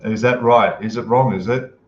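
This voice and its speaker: A man hosts a casual live stream from a home room in Thailand, chatting easily and greeting viewers as he reads out their comments. His mid-range voice has fairly even intonation and a moderate pace. The room is echoey, and the sound is dull and lo-fi with faint noise.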